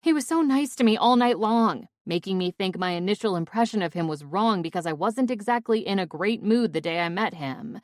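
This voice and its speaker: A woman narrating a first-person romance audiobook, expressive and exasperated. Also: mid-range voice, a little fast, few pauses, no echo, clean studio sound.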